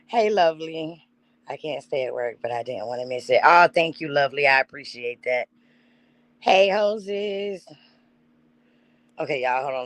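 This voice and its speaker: A woman's voice: deep voice, lively intonation, a little slow, pauses often, dry recording, low-quality recording. Heartfelt woman hosting a live stream. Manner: heartfelt, talks straight to her chat. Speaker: channel host. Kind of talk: live-stream birthday tribute.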